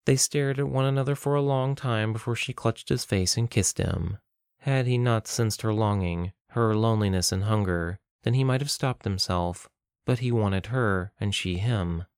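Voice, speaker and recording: A man narrating a fantasy audiobook in an even, steady storytelling manner. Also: fairly low pitch, moderate pace, clear, resonant tone, no room sound, studio quality. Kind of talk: scripted narration.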